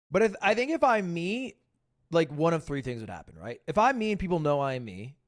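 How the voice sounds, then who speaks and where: Male stream host, joking and rambling, higher voice, swings up and down a lot. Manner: rambling, joking, quick asides. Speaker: livestream host. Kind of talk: casual reaction-stream chat.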